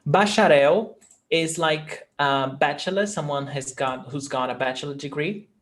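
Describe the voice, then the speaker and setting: A man with a Brazilian accent leads an online Portuguese lesson over a video call, moving slowly and patiently between English and Portuguese. His voice sits a little higher than most men's, and he takes his time over every word. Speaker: Portuguese teacher. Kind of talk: online language class.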